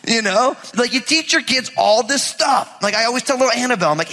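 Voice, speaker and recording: A man, a pastor, preaching a lively, conversational sermon with humor in a church. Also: extremely high pitch, quick pace, hardly any pauses, long reverb tail.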